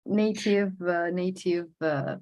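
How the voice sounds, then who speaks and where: A woman interviewing a guest, pausing and filling gaps while she looks for her words. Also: lowish voice, steady tone, a little mellow, poor audio. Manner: hesitant, searches for words with fillers. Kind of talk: interview questions.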